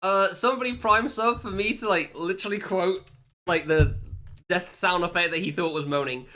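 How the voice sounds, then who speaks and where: Chatting casually on a live stream while he plays a game, a young man jokes, laughs a lot, and pokes fun at himself. He talks at a normal speed in a high, sharp-toned voice.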